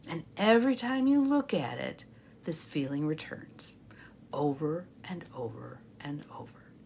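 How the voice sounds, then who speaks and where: A middle-aged woman coach leading a guided imagery meditation in a soft, half-whispered, breathy voice. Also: low voice, lively intonation, a little slow, slight background noise. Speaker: intuitive guidance coach.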